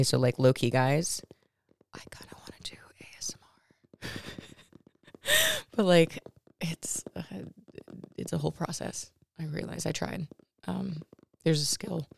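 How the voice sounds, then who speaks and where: A woman in her thirties hosting her own podcast, talking personally and emotionally in a halting way with many restarts and fillers. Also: sits low, gravelly, dry recording, studio quality. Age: 30s. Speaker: podcast host.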